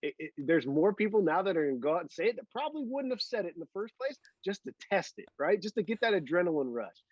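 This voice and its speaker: A man talking very fast and bluntly on a casual golf podcast, hammering his points with repetition. His voice sits a little high. The sound is dry and slightly dull. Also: big pitch swings, a little mellow, husky, no room sound. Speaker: podcast co-host.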